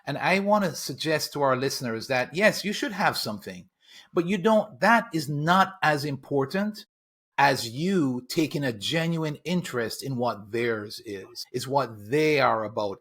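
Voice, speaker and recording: A man's voice: mid-range voice, lively intonation, a little slow, a bit bright. A man co-hosting a podcast, giving earnest advice directly to listeners. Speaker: podcast co-host. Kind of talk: casual podcast conversation.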